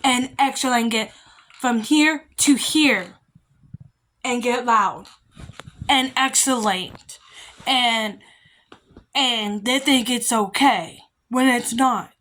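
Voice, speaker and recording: A woman's voice: a little high, takes it slowly, pauses often, fairly bright tone. A young adult woman vlogging parenting advice in a rambling, emphatic, repetitive way. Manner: rambling, emphatic, repeats herself. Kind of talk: casual monologue.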